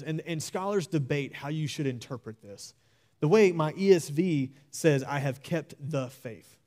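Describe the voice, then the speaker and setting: A young man preaching a sermon in an earnest, exhorting way, repeating key phrases slowly for emphasis. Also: a little high, a little mellow.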